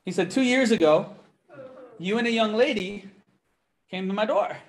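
A young man giving a testimony in a church, telling his story with lively quoted dialogue. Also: sits high, normal speed. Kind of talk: testimony sermon.

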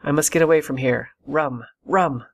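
A man's voice: on the high side, normal speed, vocal fry, no room sound. A man reading the part of a drunken, violent old sea captain, barking short demands. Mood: dazed.

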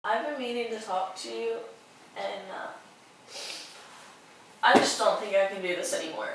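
A woman's voice: mid-range voice, moderate pace. A teenage girl in a comic school skit, speaking in a reluctant, whiny way with giggles. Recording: very echoey, distant, loud noise behind.

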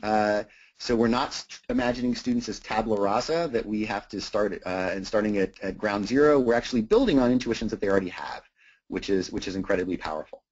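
A man's voice: lowish voice, fast, darkish tone. A man giving an academic talk on teaching writing, thinking aloud with many "uh"s and repeated words. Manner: frequent "uh" and repeated words, thoughtful. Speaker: lecturer. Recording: dull lo-fi recording.

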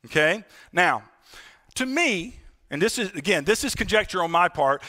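A man's voice: high-pitched, animated, normal speed, sharp tone. A male pastor preaching a sermon in a conversational way, calling the congregation "friends" and asking them for an "Amen.". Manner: asks for "Amen?" responses. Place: church.

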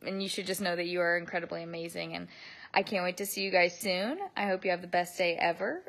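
A woman's voice: on the low side, fairly even intonation, fast talker, creaky, a bit bright. A woman giving a bubbly, affectionate birthday message. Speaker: family member giving birthday wishes. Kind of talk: recorded video message.

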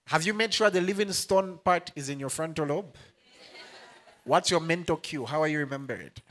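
A man's voice: fairly high pitch, brisk, fairly bright tone, a little hiss or hum. A young male pastor preaching a sermon, playful, laughing often and calling out to the congregation. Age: young adult.

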